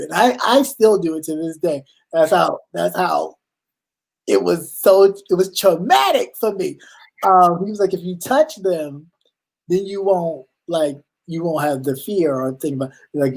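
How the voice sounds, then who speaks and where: A man co-hosting a casual chat, telling animated stories and acting out his family's voices, swearing freely. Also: a little high, vocal fry, low-quality recording. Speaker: co-host.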